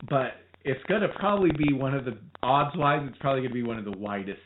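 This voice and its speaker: A man co-hosting a podcast in casual sports chat, rambling and animated, often restarting his sentences. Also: mid-range voice, quick pace. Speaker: podcast co-host. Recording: tinny phone-like line with faint noise.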